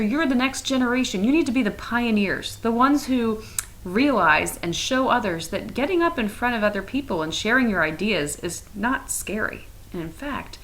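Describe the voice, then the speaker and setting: A woman's voice: fairly high pitch, a bit bright, poor audio. A young adult woman teacher giving a chatty, playful recorded lesson from her couch at home. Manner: chatty, playful and fast-talking.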